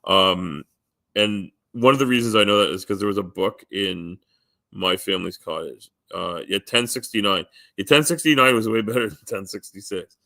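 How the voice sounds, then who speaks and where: A man's voice: lowish voice, moderate pace, bright, forceful tone, no echo, clean studio sound. A man rambling casually to his live stream chat, full of ums, restarts and offhand swearing.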